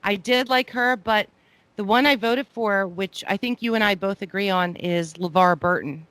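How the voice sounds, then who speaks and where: A podcast co-host chatting casually in a relaxed, matter-of-fact way. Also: medium pitch, normal speed, dry recording.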